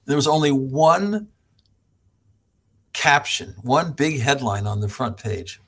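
A middle-aged American man, a professor, telling stories as a podcast guest, animated, laughing often and acting out other people's voices. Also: medium pitch, takes it slowly, creaky. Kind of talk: storytelling in an interview.

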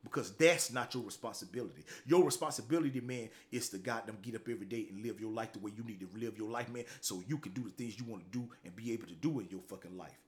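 A man's voice: fairly low pitch, fast, few pauses. A middle-aged man, hosting a motivational talk show, delivering a blunt, profane, preachy monologue that keeps tagging lines with "man".

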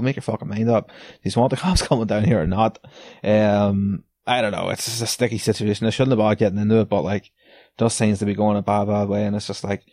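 A man's voice: on the low side, warm tone, no room sound. A man hosting a podcast, ranting in a casual, sardonic way, swearing a lot and laughing between lines. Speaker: podcast host. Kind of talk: casual solo rant.

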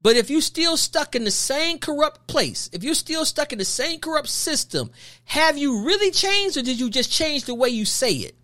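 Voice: high voice, sing-song, normal speed, sharp tone. A podcast host delivering an emphatic, preachy opinion monologue full of rhetorical questions and repeated phrases.

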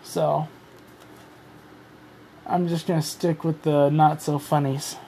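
Man, slightly high voice, tired, rambling, self-deprecating, casual swearing, solo podcast host. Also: flat delivery, slow pace, vocal fry, dark tone, slight background noise.

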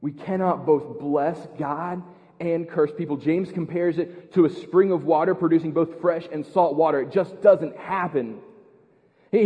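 An American man preaching a sermon as pastor, earnest, repeating words and building to loud emphasis. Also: sits high, in a large hall, phone-quality sound. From United States. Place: church.

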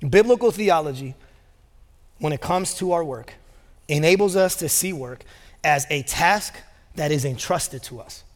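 A man's voice: on the high side, expressive, measured pace, long pauses. A man preaching a sermon as pastor, telling stories in a casual way with many fillers. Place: large church auditorium. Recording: long reverb of a large church hall.

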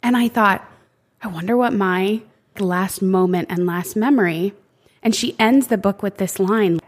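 A woman co-hosting a faith podcast in casual chat, expressive and chatty with a friend. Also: medium pitch, a little slow. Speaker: podcast co-host.

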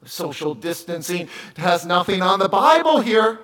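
A middle-aged man preaching a conversational sermon, moving between quiet asides and loud, emphatic calls. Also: sits high, very animated, unhurried, low-quality recording. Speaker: pastor.

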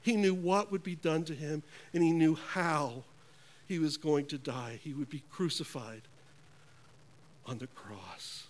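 Slow, earnest high-voiced preacher man. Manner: slow, earnest preaching with dramatic hushed drops. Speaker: pastor. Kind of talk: sermon.

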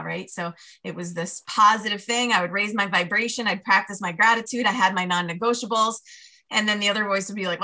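A woman's voice: medium pitch, brisk, pushed and bright. A woman working as a life coach, telling a personal story in a podcast conversation and acting out her inner dialogue with laughs.

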